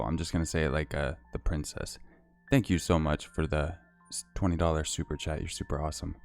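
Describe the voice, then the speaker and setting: A man hosting a livestream, chatting casually and reading out viewer comments and thanks in a relaxed, chatty way. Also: very deep voice. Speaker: livestream host.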